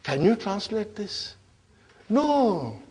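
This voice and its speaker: Speaking slowly in a slightly high, animated, somewhat mellow voice, a native Urdu speaker teaches Arabic grammar. He questions his students and checks in often, repeatedly asking "huh?"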